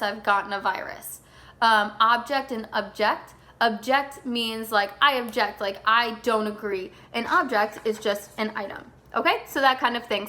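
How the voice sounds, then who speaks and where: A young woman teaching a recorded class lesson, her voice sitting a little high. She talks in a loose, casual way with plenty of "um"s and "like"s, and slows right down whenever she spells out a word. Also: sharp tone. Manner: casual, filler-heavy, slows to spell things out.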